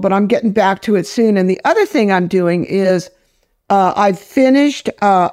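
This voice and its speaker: A woman's voice: mid-range voice, darkish tone, no room sound, clean studio sound. Older woman director, blunt and salty, chatting through stories. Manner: blunt, salty, storytelling with laughs. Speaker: film director, guest. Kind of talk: casual interview chat.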